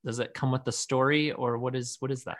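A man's voice: medium pitch, fairly even intonation, brisk, fairly bright tone. A man hosting a casual chat, playful and enthusiastic, laughing often as he tries out new words.

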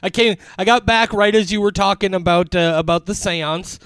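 A man's voice: high-pitched, moderate pace, a bit bright, smooth, dry recording. A man co-hosting a podcast, joking and teasing his co-host in casual banter.

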